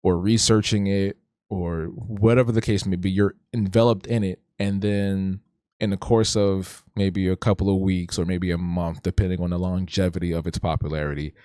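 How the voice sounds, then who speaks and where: A man's voice: deep voice, steady tone, moderate pace, warm tone, no room sound, clean studio sound. A man hosting a casual livestream, talking reflectively and rambling, often restarting and stuttering. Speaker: streamer hosting an art talk show.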